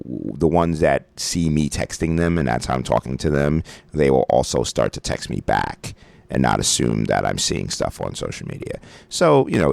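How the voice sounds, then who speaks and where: Very deep gravelly man, casual and joking. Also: a little mellow, no echo. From Brooklyn, New York. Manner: loose, joking, swears casually. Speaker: podcast co-host. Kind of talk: casual chat. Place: radio studio. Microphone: studio mic.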